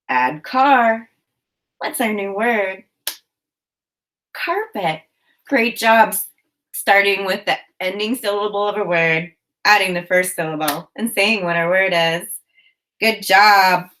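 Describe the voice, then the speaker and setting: A woman teaching young children phonics, pacing her words slowly and deliberately. She enunciates each word with care and keeps up a stream of encouraging prompts, her pitch sitting in an ordinary middle range. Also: a bit bright.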